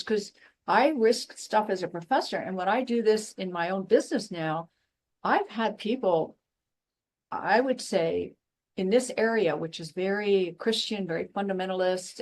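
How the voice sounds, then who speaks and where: A woman guest on an interview podcast, speaking at a middle pitch. She tells stories in a blunt, emphatic way and gets animated when she makes her points. Her talk stays conversational and passionate throughout. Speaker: guest, former professor and intuitive.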